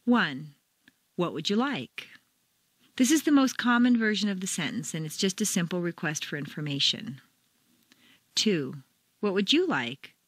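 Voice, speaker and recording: A woman reading a scripted pronunciation lesson, clear and deliberate as she demonstrates where the stress falls. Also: lowish voice, expressive, no echo. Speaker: accent coach. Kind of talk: scripted instructional narration.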